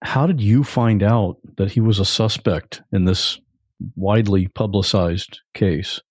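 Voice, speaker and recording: A male podcast host with a low voice asks short, calm questions. He stays measured and to the point. The recording is dry and close. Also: no echo. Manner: calm, brief, probing questions. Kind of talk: interview questions.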